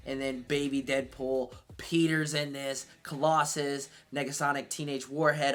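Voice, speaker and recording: A man giving a casual, excitable movie review, swearing freely as he reacts. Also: mid-range voice.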